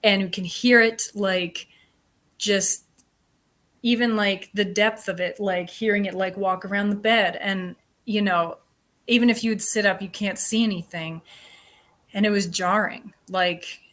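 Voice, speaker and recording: A woman speaking as an interview guest, telling a story in a chatty, animated way with lots of filler words. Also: medium pitch, a little slow. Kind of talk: casual interview chat.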